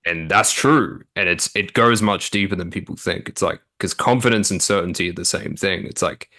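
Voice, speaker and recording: Deep bright-toned man coaching casually. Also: normal speed. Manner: relaxed, filler-heavy explaining. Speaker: dating coach. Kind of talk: casual interview talk.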